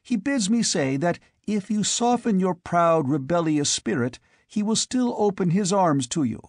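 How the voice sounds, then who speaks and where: A cruel, haughty nobleman speaks in clipped commands, put on by a man reading a fantasy audiobook. His pitch sits well above the reader's own voice. The sound is dry and close to the mic. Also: lively intonation, measured pace, a little mellow, no echo. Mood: cold. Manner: commanding, curt. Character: cruel masked male nobleman, haughty and impatient. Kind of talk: audiobook character voice.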